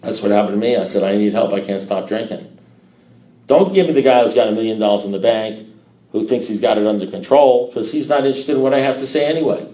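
Man in a mellow voice, roomy echo. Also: mid-range voice, quick pace. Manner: folksy, rambling, emphatic with rising bursts. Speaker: recovery meeting speaker. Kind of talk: personal testimony talk.

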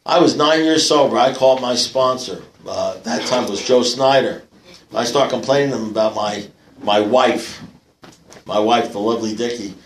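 A man with a medium-pitched voice tells a long, rambling story to a live audience at a recovery meeting, speaking at a moderate pace with lots of "you know" fillers and blunt, profane humour. The audio is poor, with an echoey meeting room and slight background noise.

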